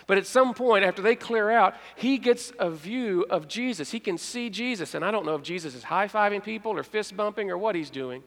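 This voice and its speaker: A man pastor preaching a sermon in a church, telling a story with dramatic pauses, hushed moments and acted-out voices. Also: high-pitched, in a large hall. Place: church sanctuary.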